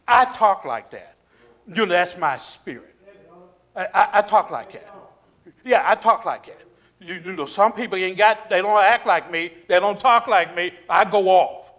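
A man preaching a sermon in a church, calling out to the congregation, repeating phrases and dropping to a hushed intensity in prayer. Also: sits high, lively intonation, unhurried. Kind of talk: sermon with altar call. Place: church sanctuary.

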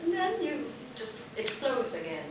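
Halting woman, Spanish native, echoey hall. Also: on the high side, big pitch swings. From Argentina. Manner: halting, repeats words while searching for phrasing. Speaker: literary translator on a panel. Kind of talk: casual panel talk. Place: conference room. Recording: echoey room from far off, noisy.

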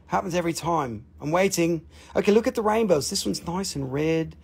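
A man's voice: fairly high pitch, expressive, fairly quick, vocal fry, husky. A middle-aged man hosting a live stream, selling rocks with profane, joking, rambling talk.

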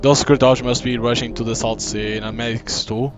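A man's voice: medium pitch, fairly even intonation, a little fast, music in the background. A man doing live gameplay commentary at his computer, talking plainly and reading out in-game dialogue. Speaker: gaming channel host.

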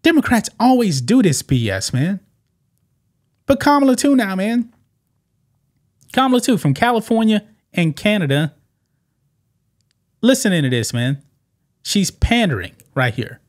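A man's voice: high voice, big pitch swings, unhurried, pauses often. A man hosting political commentary over clips, emphatic and repetitive, who keeps tossing in "man". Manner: emphatic, repeats points and keeps saying "man". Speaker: commentary channel host.

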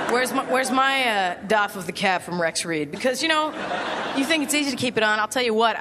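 Sardonic woman doing stand-up before a laughing crowd. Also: medium pitch. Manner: sardonic, self-deprecating. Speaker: stand-up comedian. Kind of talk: stand-up comedy set. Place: large music venue before a live audience. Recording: live stage recording with loud crowd laughter and noise. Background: audience laughter and applause.

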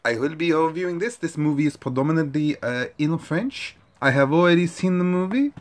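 A man hosting a casual review video in an exaggerated put-on French accent, halting with frequent fillers. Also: a little high, expressive. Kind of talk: casual vlog intro.

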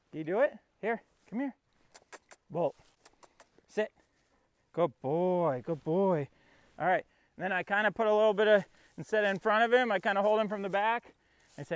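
High-voiced man coaxing his dog outdoors. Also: moderate pace, pauses often, clean tone, dry recording. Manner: coaxing and talking to his dog, narrating between commands. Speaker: dog trainer. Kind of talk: casual training vlog. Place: outdoors in a field.

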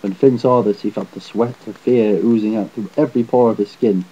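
A man reading a fairy tale aloud in a measured, slightly unpolished delivery. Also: lowish voice, steady tone, warm tone, husky. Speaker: storyteller. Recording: dull lo-fi home recording.

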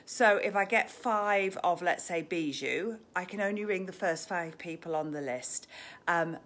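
A woman hosting a live-streamed shop tour. She is chatty and gushing, sometimes dropping to a hushed near-whisper, and speaks into a handheld phone in an indoor shop. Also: mid-range voice. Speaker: shop host. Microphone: phone camera held in hand.

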